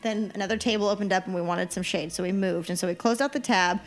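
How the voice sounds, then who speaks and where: A woman on a casual podcast, a lively storyteller who acts out the dialogue in her anecdotes. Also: mid-range voice, quick pace, soft background music. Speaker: podcast co-host giving a trip report.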